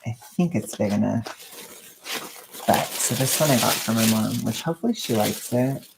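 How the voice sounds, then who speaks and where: A young woman vlogging at home, chatting casually and rambling in a soft-spoken way while she wraps gifts. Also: a bass voice, lively intonation, normal speed, creaky, noisy background.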